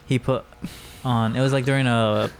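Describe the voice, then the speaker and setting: A man's voice: medium pitch, fairly even intonation, normal speed, a little hiss or hum. A young man, a guest on a casual podcast, who tells stories in a hesitant, rambling way with many fillers. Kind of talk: casual storytelling.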